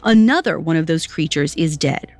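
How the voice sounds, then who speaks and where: A woman's voice: low-pitched, expressive, moderate pace, a little mellow. A woman hosting a podcast, telling a story in scripted narration with conversational, lightly wry asides. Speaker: podcast host.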